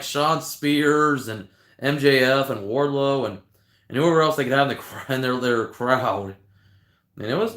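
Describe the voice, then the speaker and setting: Male streamer, casual and rambling, mid-pitched, roomy echo. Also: fairly bright tone. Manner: rambling, talks to chat viewers. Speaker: livestream host. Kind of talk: casual livestream chat. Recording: echoey room.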